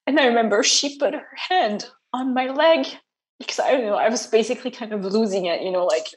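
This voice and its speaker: A young adult woman speaking softly and haltingly as a guest in an interview, with many fillers and restarts. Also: fairly high pitch. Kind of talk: personal interview.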